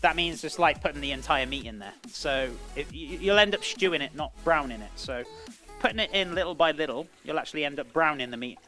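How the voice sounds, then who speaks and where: A man's voice: fairly high pitch, a little fast, bright, forceful tone, faint music behind. A British man chatting casually on a cooking live stream, rambling between cooking tips and greeting viewers as "buddy". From Britain.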